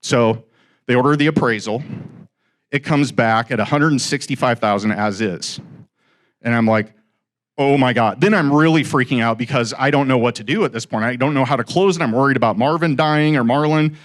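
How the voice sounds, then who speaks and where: Recounting his first real estate deal before a live crowd, a middle-aged man talks fairly quickly in a mid-range voice, animated and performing each quoted line of dialogue.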